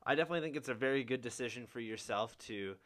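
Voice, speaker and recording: A man's voice: medium pitch, very fast, fairly bright tone. A young man hosting a podcast in casual chat, laid-back, peppering his talk with swearing and fillers. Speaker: podcast host.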